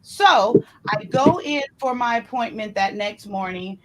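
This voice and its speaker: A woman casually telling a personal story in an animated way, acting out what others said to her. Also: measured pace, a little hiss or hum. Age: adult. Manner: animated, re-enacts others' words with shifting pitch.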